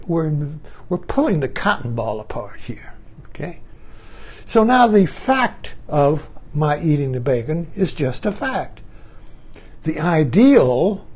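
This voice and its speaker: A man's voice: on the high side, darkish tone, breathy edge. An older man musing in a rambling monologue, repeating himself and chuckling as he turns his ideas over. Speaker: online talk host. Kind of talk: reflective monologue.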